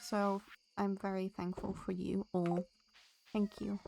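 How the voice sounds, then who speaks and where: A woman's voice: mid-range voice, flat delivery, slow, vocal fry, dark tone, slight background noise. A woman streaming a farming game, chatting casually with her viewers and laughing often. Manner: chatty, giggly, talks to chat and the game. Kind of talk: casual live-stream chat while playing.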